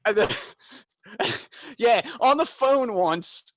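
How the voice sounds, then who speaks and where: A young man co-hosting a podcast, telling childhood stories in casual chat with quick laughs. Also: very high-pitched, no room sound. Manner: animated storytelling, quick laughs. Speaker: podcast co-host.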